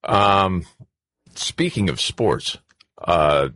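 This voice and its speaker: A man co-hosting a radio talk show with lively, wry banter, his voice slightly husky. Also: sits low, very slow, no echo.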